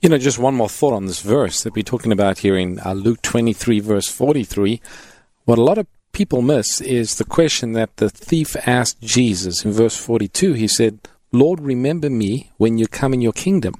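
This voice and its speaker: A man co-hosting a call-in radio Bible program, adding a measured point and introducing callers. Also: medium pitch, lively intonation, darkish tone, dry recording. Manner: measured, gives phone number and introduces callers. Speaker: co-host of radio Bible show.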